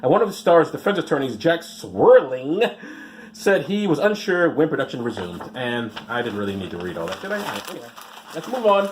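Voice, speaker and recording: A man's voice: medium pitch, very animated, fairly quick, slight background noise. A man reading out news stories and mocking them with sarcastic, rambling asides. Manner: rambling, mocking asides, mumbled "blah blah" skips.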